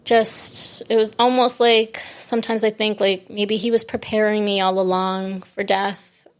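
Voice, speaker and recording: A grieving woman telling a personal story in an interview, reflective and halting, with many restarts. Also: mid-range voice, little pitch movement, smooth. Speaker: podcast guest. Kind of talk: conversational interview.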